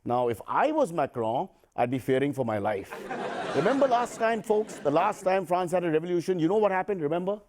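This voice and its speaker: A fairly high voice from a man, hosting a comic news show on a TV studio set. His pitch leaps about, and he drops wry, deadpan asides between the headlines. A clear hiss and some clicks sit under the voice. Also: fairly quick, a faint crowd. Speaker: satirical news anchor.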